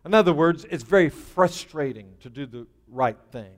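Pastor guy preaching, higher voice, swings loud then hushed, echoey church. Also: animated, normal speed. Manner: emphatic, with rising bursts and dropping to a near hush. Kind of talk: sermon.

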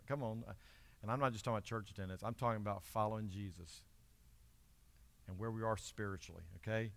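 A man preaching a sermon as pastor, emphatic and building to loud exhortation with the congregation. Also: mid-range voice.

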